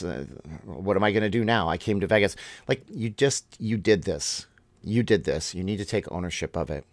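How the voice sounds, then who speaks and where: A male vlog host delivers opinionated commentary, ranting as he goes and restarting his words. His voice sits on the low side. The recording is dry and close, with no room echo.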